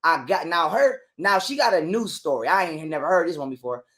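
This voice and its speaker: A man's voice: fairly high pitch, lively intonation, sharp tone. A man, a guest on a call, telling a heated personal story in street slang and swearing a lot. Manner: heated, profane, talks fast in street slang.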